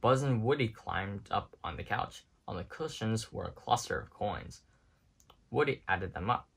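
A man reading a children's picture book aloud in an expressive, storytelling style. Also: on the low side, measured pace, vocal fry, breathy edge. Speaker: storybook reader.

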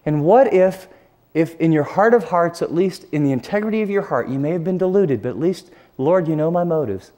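A middle-aged man preaches an earnest, confessional sermon in a fairly high, animated voice at a brisk pace, dropping to a hushed near-whisper at emotional moments.

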